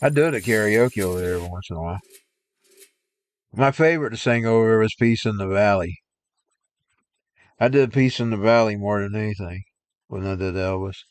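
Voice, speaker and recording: A man chatting casually on a livestream, rambling and pausing to recall details. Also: on the low side, dry recording. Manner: rambling, folksy, trails off to recall things. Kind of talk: casual chat between singing. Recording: noisy background.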